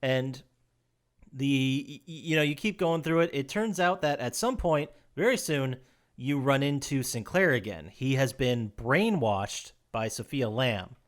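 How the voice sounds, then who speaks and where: A man co-hosting a podcast, retelling a video game story in casual chat, animated and quick to laugh, with restarts. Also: medium pitch. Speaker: podcast co-host.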